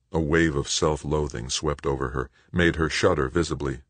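A man reading an audiobook in a measured, dramatic narration. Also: very deep voice, fairly even intonation, husky, no room sound. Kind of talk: scripted narration.

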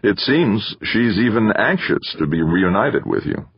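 A man voicing a smooth, coaxing male boss. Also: lowish voice, animated, unhurried, no room sound, lo-fi sound, voice pushed up. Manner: coaxing, persuasive. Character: smooth, manipulative male administrator.

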